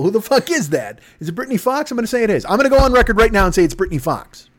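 Excitable, profane man riffing high and wild. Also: very fast, few pauses. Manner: profane, excitable, absurd tangents. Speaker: podcast host. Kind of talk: rambling comedic riff.

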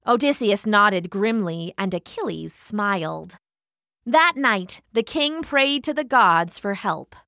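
A woman storyteller reading a story aloud in an expressive, dramatic way. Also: mid-range voice, slow, no echo, clean studio sound.

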